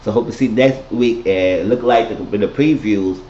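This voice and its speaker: A man's voice: on the low side, normal speed, dark tone. A man giving a casual, rambling, profane recap of a TV episode. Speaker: TV recap vlogger. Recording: roomy lo-fi home recording.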